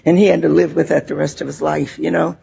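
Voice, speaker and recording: A woman's voice: sits low, little pitch movement, quick pace, vocal fry, dark tone, muffled recording, a little hiss or hum. An older woman giving a heartfelt, laughing personal share at a recovery meeting, full of "you know" asides.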